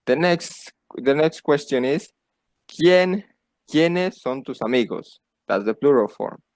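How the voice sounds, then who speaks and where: A man's voice: on the high side, lively intonation, takes it slowly, a little mellow, no echo. A man teaching a beginner lesson, patiently repeating phrases for learners to copy. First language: Spanish. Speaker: Spanish teacher. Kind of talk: slow beginner language lesson.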